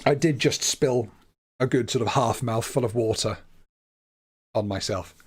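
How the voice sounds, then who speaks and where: A man's voice: mid-range voice, unhurried, husky. Chatty British man streaming a game. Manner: chatty, self-deprecating, laughs often. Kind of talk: casual livestream game commentary.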